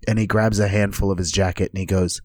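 A man playing a tabletop game, describing his character's moves in a halting, casual way. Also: low-pitched, little pitch movement, darkish tone, dry recording, studio quality. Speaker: player.

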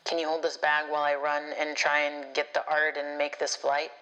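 A woman's voice: sits low, completely flat delivery, normal speed, fairly bright tone, lo-fi sound. A woman telling a first-person story in a breathless, dramatic way, swearing now and then.

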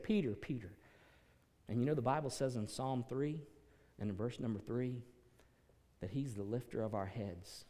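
A male pastor preaching a sermon, swinging from quiet, earnest passages to loud, dramatic peaks. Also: mid-range voice, moderate pace, long pauses, big-room sound.

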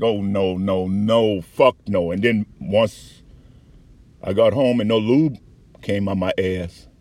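A man giving a candid, profane personal account with halting restarts and frequent fillers. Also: fairly low pitch, a little mellow, no room sound. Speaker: patient recounting an experience.

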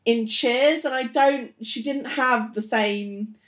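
A woman co-hosting a podcast, exclaiming excitedly and giving strong opinions in a casual chat. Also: on the high side, slow pace. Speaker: podcast co-host.

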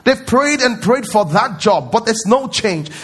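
A man's voice: extremely high pitch, lively intonation, a little slow, fairly bright tone, slightly rough. A man preaching a sermon as pastor at a church service, emphatic and repetitive, often quizzing his congregation.

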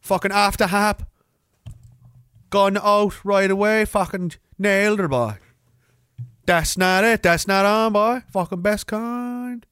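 A man doing a gruff, boisterous Newfoundland fellow with a mock accent, pitched higher than his own voice and bellowed out. The voice is crude and rowdy, and the sound is dry and close, with no room around it. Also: fairly even intonation, takes it slowly, fairly bright tone, no echo.

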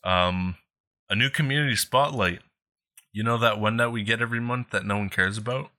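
A man's voice: fairly low pitch, fairly quick, bright, forceful tone. A man co-hosting a casual gaming podcast, laid-back and laughing easily. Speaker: podcast co-host.

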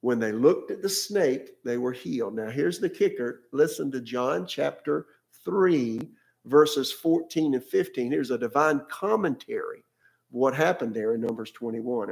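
A man's voice: medium pitch, animated, moderate pace, gravelly, darkish tone. A male pastor preaching a sermon in a conversational way, often repeating words and asking his listeners questions.

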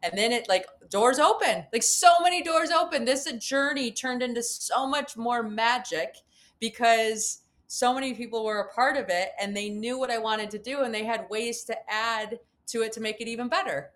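A woman's voice: fairly high pitch, moderate pace, fairly bright tone. A woman guest on a podcast interview, telling a personal climbing story and acting out her own reactions.

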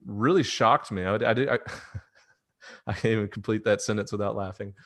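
A man's voice: fairly low pitch, normal speed. A man hosting a casual sports podcast, talking in a rambling way full of fillers and often laughing. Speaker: podcast host.

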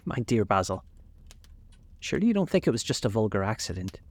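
A man voicing a cold, vain young gentleman in a storybook reading, languid and dismissive. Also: fairly low pitch, big pitch swings, a little fast, no echo. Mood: aloof.

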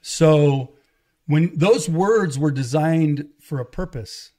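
Middle-aged guy telling his testimony, animated, voices what others said, kinda high-pitched for a man. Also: slow pace. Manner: animated storytelling, acts out quoted dialogue. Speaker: guest, evangelist and pastor. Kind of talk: casual testimony in conversation.

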